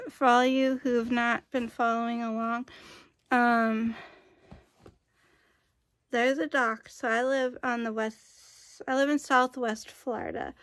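A woman's voice: fairly high pitch, no echo. A woman vlogging in a casual, chatty way, rambling with frequent asides. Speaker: YouTube vlogger.

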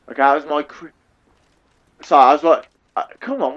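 A young English-accented gaming YouTuber plays a shooter while giving chatty, self-deprecating live commentary through a headset mic, calling his viewers "guys." His voice is a little high with lively intonation, fairly quick but with frequent pauses, and the audio sounds dull.

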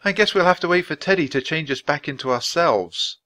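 A man voicing a bold, adventurous young girl in a storybook reading, with high, excited squeals. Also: brisk. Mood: eager.

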